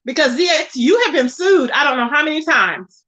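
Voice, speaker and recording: High bright-voiced woman ranting on a livestream. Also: animated, a little fast. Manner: indignant, repetitive, calling out by name. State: tired. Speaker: livestream host. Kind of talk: ranting live stream commentary.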